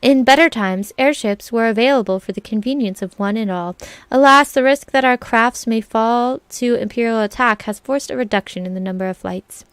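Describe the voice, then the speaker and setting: A solemn, gracious elder leader of a forest city, read aloud by a woman in a game playthrough. The delivery is formal and measured, with a voice sitting a little high. It sounds close and dry. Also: clear, resonant tone, dry recording, lightly acted. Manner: formal, stately reading with stumbles.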